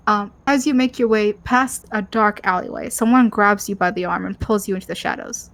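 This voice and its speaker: A woman's voice: medium pitch, steady tone, fairly quick, creaky, few pauses, dry recording. A woman co-host reading a story game's narration aloud, stumbling over words and laughing often.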